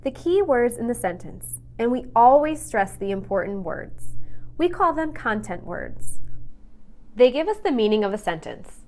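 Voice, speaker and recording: Woman teacher reading a pronunciation lesson, bouncy lively pitch, slow careful words. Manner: clear, deliberate teaching delivery with modeled stress patterns. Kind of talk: scripted lesson narration.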